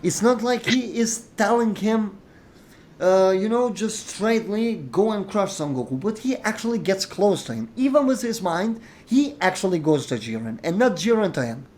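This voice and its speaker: A man's voice: high-pitched, expressive, normal speed, darkish tone. Opinionated man arguing his case. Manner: opinionated, explains at length, quotes characters. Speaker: host. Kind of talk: casual discussion.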